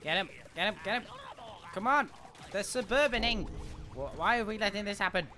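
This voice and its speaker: A man giving excitable, chatty commentary as he livestreams a game, muttering sing-song to himself. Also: sits high, a little fast, background noise. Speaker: gaming livestreamer. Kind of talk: live gameplay commentary. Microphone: desk mic, no headset. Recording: game sound clearly behind the voice.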